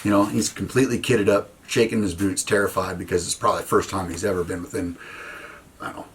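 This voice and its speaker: Homme à la voix grave, récit animé. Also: male voice, deep voice, fast, slight background noise. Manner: animated, profane, acts out conversations. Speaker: military veteran speaker. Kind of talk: storytelling talk to an audience.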